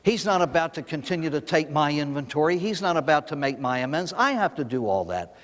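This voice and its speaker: A man's voice: fairly high pitch, fairly quick, big-room sound. An older man, a priest, giving a recovery talk to an audience, telling stories and asking rhetorical questions. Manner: storytelling, animated, with rhetorical questions.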